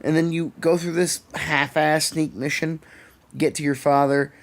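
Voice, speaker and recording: A man's voice: a little high, level tone, measured pace, creaky. A young man with a Canadian accent, ranting sarcastically and swearing often as a podcast co-host. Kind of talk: casual chat. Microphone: podcast microphone.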